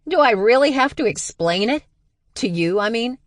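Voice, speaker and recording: A woman voicing a brash, mocking young woman with a loud sarcastic delivery. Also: mid-range voice, sing-song, measured pace, no echo, clean studio sound, voice pushed up.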